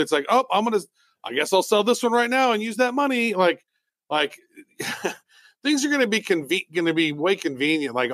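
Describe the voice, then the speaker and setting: A man co-hosts a podcast, excitable and full of "like", his voice sitting a little high. The sound is dry and close, with no room echo. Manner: excitable, heavy use of "like". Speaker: podcast co-host. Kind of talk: casual chat.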